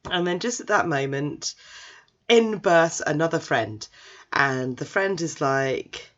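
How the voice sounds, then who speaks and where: A woman casually retelling a story in an animated, chatty way, full of asides. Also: deep voice, takes it slowly, dull audio. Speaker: anime recap storyteller.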